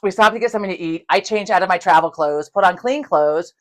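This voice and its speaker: A woman co-hosts a laid-back podcast, her voice on the low side and her pace fast. She tells a story peppered with swearing, animatedly acting out both sides of each conversation.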